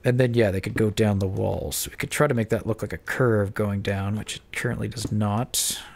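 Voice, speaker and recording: At a normal speed and with fairly even intonation, a Minecraft let's-player with a stuffed-up nose mumbles casual building commentary, thinking aloud. The mid-range voice is creaky and darkish.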